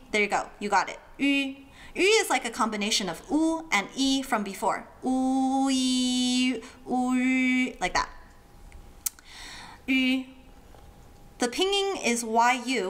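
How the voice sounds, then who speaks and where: A woman's voice: on the high side, a bit bright. Playful woman teaching pronunciation. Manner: playful, demonstrates sounds with funny imitations. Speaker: language teacher. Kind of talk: friendly explainer lesson.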